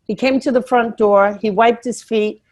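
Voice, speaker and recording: A woman's voice: on the high side, fairly even intonation, moderate pace, heavy background noise. A woman from New York doing stand-up over a video call, with chatty, rambling delivery. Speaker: stand-up comedian. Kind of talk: stand-up storytelling.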